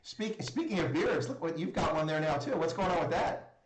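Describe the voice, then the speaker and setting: A man's voice: a little high, lively intonation, fairly quick, noisy background. A man hosting a live stream in casual chat, telling stories and fussing over his audio. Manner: flustered by mic trouble, chatty storyteller. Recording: roomy echo.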